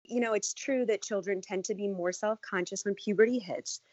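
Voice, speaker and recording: A woman's voice: mid-range voice, normal speed, a little mellow, dry recording. A woman expert talking conversationally about children's fear of public speaking. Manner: conversational, uses fillers like "you know". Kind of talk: interview answers. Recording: dry, dull lo-fi audio.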